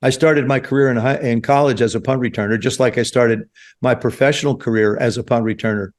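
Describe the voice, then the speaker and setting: A man in his seventies from New Jersey, a guest telling stories in an animated way on a podcast. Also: mid-range voice, brisk. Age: 70s. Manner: animated storyteller, acts out quoted voices. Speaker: guest, former quarterback. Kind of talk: storytelling interview. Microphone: podcast studio mic.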